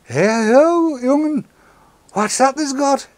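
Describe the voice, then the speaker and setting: A man's voice: very high voice, lively intonation, takes it slowly, voice pushed up, heavily acted. A man voicing a curious Geordie bloke in a broad Geordie accent. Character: curious Geordie bloke asking about e-cigs.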